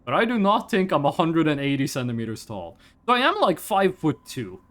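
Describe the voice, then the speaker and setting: A young man from Scandinavia streaming a game, joking and teasing his chat in casual banter. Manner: animated, quick swings in pitch.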